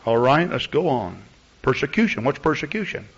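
A man's voice: medium pitch, big pitch swings, moderate pace, breathy edge. A man preaching a sermon as pastor, talking plainly with the congregation and building to fervent outbursts. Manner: conversational preaching that builds to loud, fervent exclamations. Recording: dull lo-fi recording.

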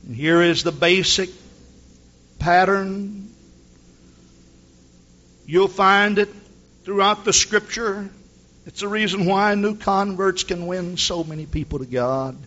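A man preaching with fervor, his voice bright and pitched a bit high. He tells stories from the pulpit and climbs to shouts at the peaks. The old recording sounds dull and muffled. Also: steady tone, takes it slowly, long pauses. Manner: impassioned preaching, rising to shouts when quoting. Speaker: pastor. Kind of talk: sermon.

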